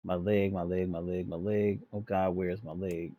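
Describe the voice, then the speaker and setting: A man's voice: sits low, moderate pace. A man reading a panicked vanishing shopkeeper. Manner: reads the lines aloud flatly.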